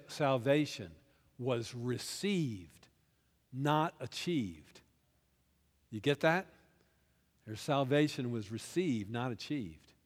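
A man preaching a sermon as pastor, moving between quiet confiding asides and loud rousing call-and-response with the congregation. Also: mid-range voice. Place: church hall. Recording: long reverb of a large hall.

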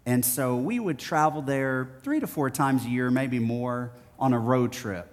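A man from Texas preaching a sermon, telling stories in a playful, animated way. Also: medium pitch, a little slow, long reverb tail. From Houston, Texas. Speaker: pastor.

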